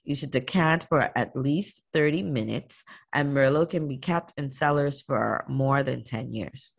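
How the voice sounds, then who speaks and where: A podcast host reading wine history from a script at an even pace, slipping into slangy casual asides between the facts. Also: medium pitch, measured pace, creaky, husky. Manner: reads steadily, then drops into slangy asides.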